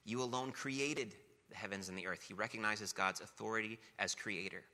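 A man's voice: on the low side, steady tone, fairly quick, sharp tone. A man preaching a sermon, talking casually between passages of scripture that he reads aloud with emphasis. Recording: long reverb of a large hall.

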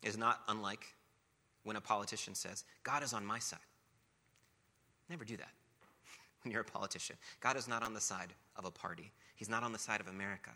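A man's voice: on the low side, fairly even intonation, quick pace, pushed and bright. A man preaching a sermon, talking casually between passages of scripture that he reads aloud with emphasis. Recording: long reverb of a large hall.

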